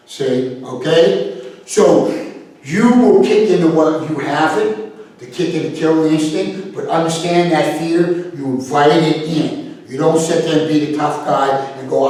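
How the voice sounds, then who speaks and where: A blunt, animated man, middle-aged, talking as a self-defense instructor in a podcast monologue. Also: on the high side, a little slow. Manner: blunt, animated, swears freely. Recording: very echoey room, far from the mic.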